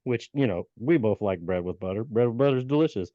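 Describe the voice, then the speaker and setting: A fast-talking co-host with a lowish voice and lively intonation retells a folk tale on a podcast. He's casual, full of fillers and restarts. The recording is dry, while the overall podcast audio is dull and lo-fi.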